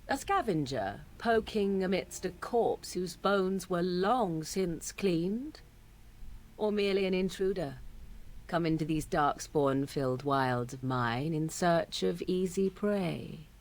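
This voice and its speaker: A woman's voice: fairly low pitch, animated, slow pace. Morrigan, a haughty wild witch. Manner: archaic, haughty, mocking. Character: aloof mysterious young witch woman of the wilds.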